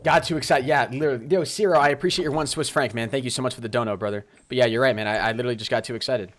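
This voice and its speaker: A man streaming a game live, commenting on play and talking straight to his chat in a lively, apologetic way. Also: medium pitch, rapid-fire. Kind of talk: live gameplay commentary and chat shout-outs.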